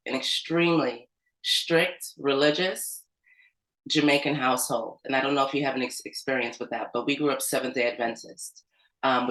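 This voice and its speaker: At an organizing meeting, a community organizer from the United States tells a personal story in a casual, conversational way, sprinkling in fillers like "like" and "um." She has a very deep voice with a fairly bright tone. The audio is rough, captured in an echoey room.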